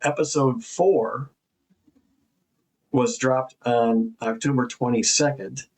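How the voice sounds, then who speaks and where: A man talking loosely and informally, with plenty of fillers and restarts. His pitch sits in a middle range for a man. He comes across as an investigative journalist in a relaxed chat. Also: takes it slowly, low-quality recording. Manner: informal, joking, rambling with fillers. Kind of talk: casual conversation.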